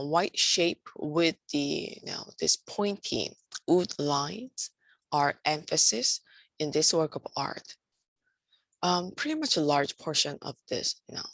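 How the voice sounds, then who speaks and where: Slow, low-voiced woman lecturing with fry. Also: a bit bright, dry recording. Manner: hesitant, many fillers. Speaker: art instructor.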